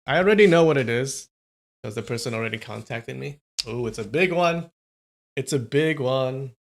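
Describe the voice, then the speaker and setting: A man's voice: mid-range voice, animated, normal speed, creaky. A young man chatting casually on a live stream, rambling and answering viewers' comments.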